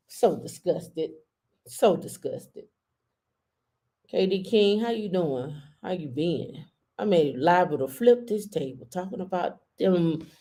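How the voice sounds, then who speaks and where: Low-voiced woman hosting a live stream. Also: a little mellow. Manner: chatty, addresses viewers directly. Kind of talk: casual live-stream chat.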